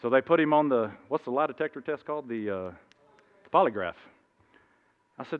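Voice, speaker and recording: A man preaches in a loose, conversational way, wandering through personal stories and acting out the other people's lines. His voice sits at an ordinary male pitch. The recording is dull and lo-fi, with a long echo from a church hall. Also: expressive, fairly quick. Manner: rambling, many restarts, acts out voices in anecdotes. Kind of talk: informal sermon with storytelling.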